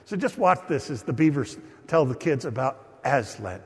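A male pastor preaching a sermon in an animated, conversational storytelling way. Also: mid-range voice, normal speed, slight background noise. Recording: long reverb of a hall.

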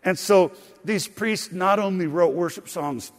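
Preacher in a reverberant hall. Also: male voice, high-pitched, measured pace. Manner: expressive, animated reading of scripture with frequent fillers. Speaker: pastor. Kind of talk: sermon. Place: church sanctuary. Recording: long reverb of a large hall.

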